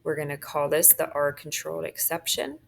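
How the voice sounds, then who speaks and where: Speaking a little fast in a low, creaky, animated voice, a woman teacher walks her class through a phonics worksheet, asking "okay?" again and again as she marks words. There's slight background noise.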